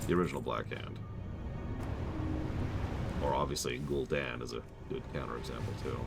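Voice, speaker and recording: Low gravelly-voiced male streamer. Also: steady tone, moderate pace, loud music behind the voice. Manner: chatty, repeats himself while multitasking. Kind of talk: live game stream commentary.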